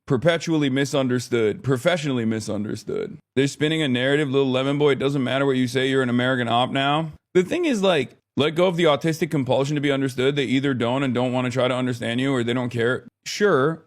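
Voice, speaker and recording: A man's voice: medium pitch, fast talker, hardly any pauses. Rambling exasperated male streamer. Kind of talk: casual live-stream chat.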